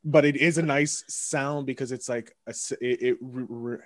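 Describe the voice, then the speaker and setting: A male podcast host chats in a loose, rambling way, poking fun at himself and stumbling over restarts. His voice sits in a middle pitch. The sound is dry and close to the mic. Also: fairly even intonation, moderate pace, no room sound. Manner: rambling, self-deprecating, restarts often. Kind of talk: casual podcast interview.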